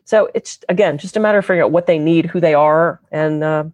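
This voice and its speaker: A woman's voice: deep voice, fast talker, a little mellow, no echo. A woman guest speaking as a therapist, explaining her work in an earnest, conversational way. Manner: earnest, explanatory, slips into quoted voices.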